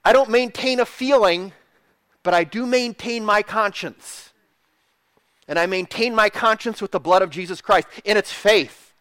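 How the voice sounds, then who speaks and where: A man's voice: sits high, unhurried, a bit bright, smooth, no echo. A man preaching a sermon, earnest and emphatic, repeating phrases and restarting mid-thought. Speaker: pastor.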